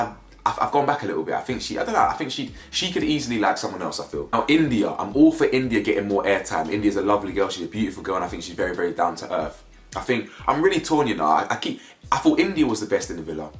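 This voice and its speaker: A man's voice: lowish voice, a bit bright. A young man gives a casual, slangy review of a reality show, firing off rhetorical questions. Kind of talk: casual commentary vlog. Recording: echoey room with faint music.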